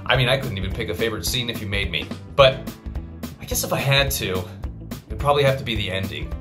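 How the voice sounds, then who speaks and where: A man's voice: lowish voice, quick pace, over music. A man hosting a scripted comedy sketch with an earnest, mock-sincere delivery.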